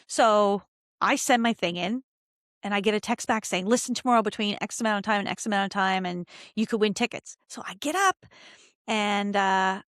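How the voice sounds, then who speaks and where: A woman in her fifties hosting a podcast, telling personal stories in a casual, excitable way and laughing often. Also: medium pitch, no room sound, clean studio sound. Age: 50s. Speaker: podcast host.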